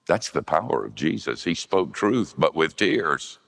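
Older guy preaching, real deep gravelly voice, slow and swoopy, long echo like a big hall. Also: sing-song, a bit bright. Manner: gravelly, folksy storytelling with shifts into high voices for quoted women. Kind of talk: sermon.

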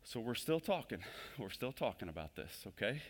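Male pastor, mid-pitched, casual sermon delivery with emphatic build-ups, long church-hall reverb. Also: very animated, moderate pace. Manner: conversational, swells louder and higher when stressing a point. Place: church sanctuary.

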